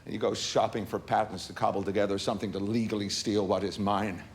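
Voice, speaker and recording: An actor playing an indignant male inventor who speaks in forceful, bitter lines, from a film clip. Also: lowish voice, level tone, fast, a little hiss or hum, close to an everyday voice. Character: indignant male inventor defending his work. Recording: film clip with faint ambience.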